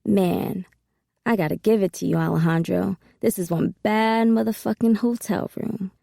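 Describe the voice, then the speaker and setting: A cocky, streetwise male hustler who talks with swagger in a gravelly, warm voice, as a woman narrator plays him. The sound is dry and close, with no room around it. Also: medium pitch, fairly even intonation, normal speed, dry recording.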